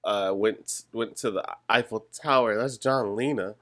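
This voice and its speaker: A man's voice: on the low side, unhurried, fairly bright tone. A man co-hosting a casual podcast, running a party word game in a playful, slightly hesitant way. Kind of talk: casual chat.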